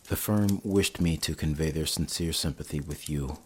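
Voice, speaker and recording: A man voicing a formal company messenger in a storybook reading, quiet and measured. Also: extremely low pitch, husky. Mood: solemn.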